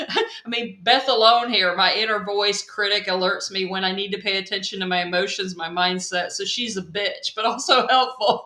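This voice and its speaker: Bright-voiced woman hosting a live stream. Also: medium pitch, reverberant. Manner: reassuring, talks straight to viewers. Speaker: host.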